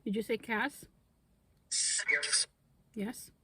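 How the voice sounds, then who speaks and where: Higher-voiced woman asking spirits questions. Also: fairly even intonation, extremely slow, very noisy. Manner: questioning, often drops to a whisper. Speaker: vlogger. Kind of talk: casual ghost-hunting vlog talk. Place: outdoors at a cemetery.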